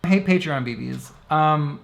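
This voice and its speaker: A woman's voice: low-pitched, unhurried, gravelly, dull audio. A woman co-hosting a casual chat show, laid-back and dry as she reads out thank-yous. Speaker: co-host.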